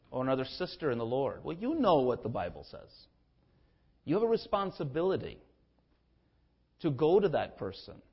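A man preaching a sermon, his fairly high voice rising and falling with strong feeling. He slips into casual, conversational voices when acting out the people in his text. The recording sounds slightly muffled and lo-fi. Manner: impassioned preaching with wide swings in pitch and loudness; acts out biblical speakers in a conversational voice. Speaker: pastor.

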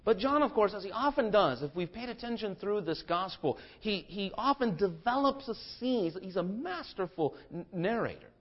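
A pastor preaching a sermon, shifting between hushed passages and forceful declarations. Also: male voice, high voice, animated, normal speed, few pauses. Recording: dull lo-fi sermon recording.

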